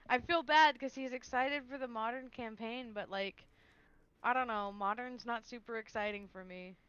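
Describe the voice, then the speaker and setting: A woman player chatting candidly before a tabletop session, quick to laugh. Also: fairly high pitch, a bit bright, clear, resonant tone, no echo. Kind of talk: casual chat. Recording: dull lo-fi mic.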